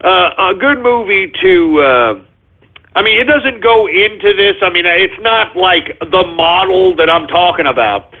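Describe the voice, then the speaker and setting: Tinny-sounding high-voiced radio host man. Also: lively intonation, a little slow. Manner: rambling, many fillers and restarts. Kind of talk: call-in radio talk.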